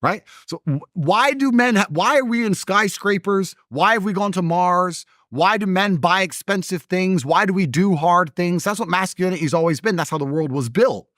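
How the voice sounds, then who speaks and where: A man's voice: moderate pace, hardly any pauses, no echo, studio quality. A man in his thirties, an interview guest arguing emphatically in a heated conversation, with a mocking edge. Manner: emphatic, mocking, lively pitch swings.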